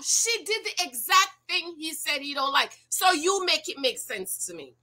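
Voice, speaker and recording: Speaking to her viewers at a normal pace with barely a pause, this forties-aged YouTuber offers casual reaction commentary in a high voice. Her delivery is lively and sermonizing, full of rhetorical questions aimed at the audience.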